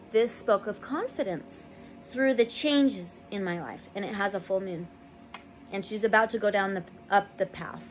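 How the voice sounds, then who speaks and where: A woman's voice: mid-range voice, fairly bright tone. A woman giving a casual tarot reading to camera, reading card meanings and gushing with emotion over the results. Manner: reads card meanings aloud slowly. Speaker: tarot reader.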